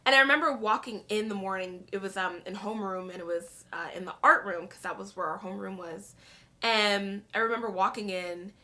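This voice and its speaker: A woman's voice: mid-range voice, brisk, sharp tone. A young woman hosting a casual reaction vlog, telling a personal story in a chatty way with many fillers. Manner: chatty, storytelling, heavy use of "like". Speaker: YouTube reaction host.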